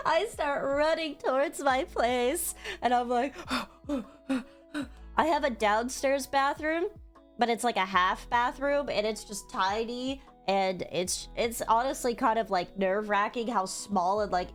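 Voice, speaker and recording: A woman's voice: a little high, unhurried. A young woman streamer telling a story in casual, rambling livestream chat, emotional and swearing freely. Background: faint music.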